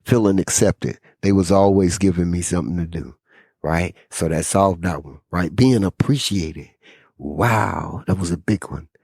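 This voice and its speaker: A man hosting a campus podcast, talking in a relaxed, emphatic, sermon-like way. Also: sits low, unhurried, vocal fry, husky, dry recording, studio quality. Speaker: podcast host. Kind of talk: casual podcast talk.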